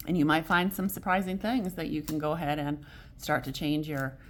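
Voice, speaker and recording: A woman with a notably low voice reads tarot cards for the week in a loose, chatty way. She wanders, restarts her sentences and laughs lightly, but keeps a gentle, encouraging tone throughout. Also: steady tone, moderate pace, a little hiss or hum. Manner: rambling, self-correcting, often laughs. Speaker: tarot reader. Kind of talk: casual weekly tarot reading.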